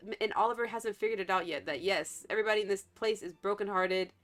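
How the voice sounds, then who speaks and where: A woman's voice: mid-range voice, fast talker, a bit bright. A woman streaming a game, chatting casually and thinking aloud, often restarting her sentences. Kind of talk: casual gameplay commentary.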